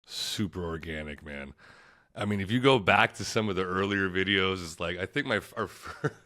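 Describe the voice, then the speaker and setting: A laid-back man chats as a podcast guest, his lowish voice bright and forward. He tells travel stories loosely, laughing often and throwing in "dude.". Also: normal speed. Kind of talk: casual podcast interview.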